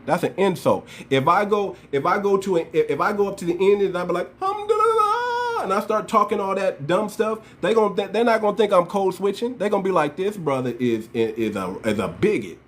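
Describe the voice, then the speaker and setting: A high-pitched American man talks quickly and barely pauses as he hosts his channel. His political commentary is impassioned, slangy, and emphatic, aimed straight at viewers with repeated points.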